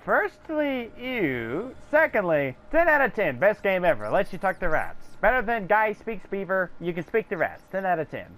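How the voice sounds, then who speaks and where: A young woman commenting on a video game, giggly and excitable, reading in-game text aloud. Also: medium pitch, normal speed, few pauses. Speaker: game streamer. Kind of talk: casual gameplay commentary.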